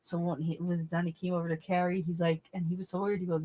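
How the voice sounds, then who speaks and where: A middle-aged streamer with a lowish voice talks fast, animatedly telling her chat a funny story while swearing and laughing mid-sentence. The recording is rough, and she's reading chat as she hosts the casual stream.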